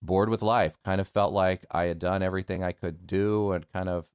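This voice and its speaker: A man's voice: low voice, fairly even intonation, moderate pace, darkish tone, clear, resonant tone, dry recording, studio quality. A man from the United States, a voice actor talking candidly and self-deprecatingly as a guest in a casual interview.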